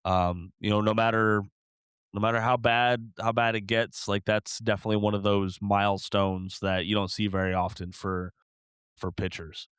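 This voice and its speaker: Chill podcast host dude, kinda low voice, smooth, lots of ums. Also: male voice, level tone, moderate pace, a bit bright, no room sound, clean studio sound. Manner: laid-back, hesitant, many fillers. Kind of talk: casual chat.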